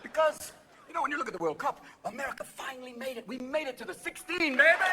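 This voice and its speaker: A man doing a manic, rapid-fire live stand-up routine on a theatre stage, jumping in and out of voices as the audience laughs. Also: very high-pitched, sing-song, crowd noise, background noise. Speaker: stand-up comedian.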